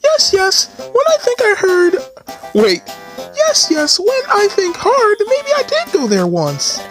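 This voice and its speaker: A man voicing a giddy, childlike male creature who leads a guild, in a shrill, squealing falsetto with a sing-song lilt. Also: wildly swooping pitch, slow, a bit bright, soft background music, full character voice. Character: giddy pink balloon-like male guild master.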